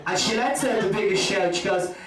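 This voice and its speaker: A man's voice: high voice, brisk. A man with an Irish accent doing a rambling stand-up routine full of "you know" asides. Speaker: stand-up comedian. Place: comedy club stage. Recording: echoey club from a distant mic.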